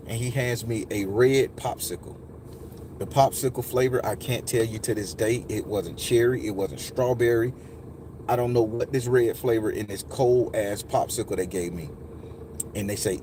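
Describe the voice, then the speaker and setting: A man's voice: medium pitch, normal speed, a little mellow, a little hiss or hum. A man telling a personal story to his viewers, candid and profane, addressing them directly. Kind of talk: emotional first-person storytelling.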